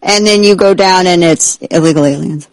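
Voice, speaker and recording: A man hosting a talk show, excitable and sarcastic, who keeps breaking into exaggerated impressions. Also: high-pitched, normal speed, no echo, poor audio. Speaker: host. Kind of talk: animated political talk show banter.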